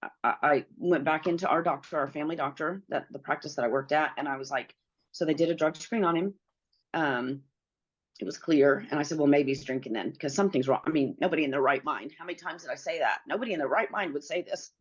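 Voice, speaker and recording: A woman's voice: low voice, fast talker, husky, muffled recording. A middle-aged woman, a guest in an interview, earnestly telling a personal story and acting out the dialogue she quotes.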